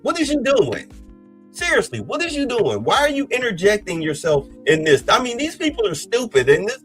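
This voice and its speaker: A man's voice: very high-pitched, huge pitch swings, a little fast, fairly bright tone, faint music behind, low-quality recording. Agitated ranting male podcast host. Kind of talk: heated political commentary.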